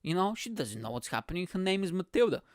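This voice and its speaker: A man's voice: sits high, big pitch swings, fast talker, dry recording, clean studio sound. A young man with an accent, hosting a podcast with a crude, boastful, self-mocking comedic monologue. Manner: speaks with an accent. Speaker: podcast host.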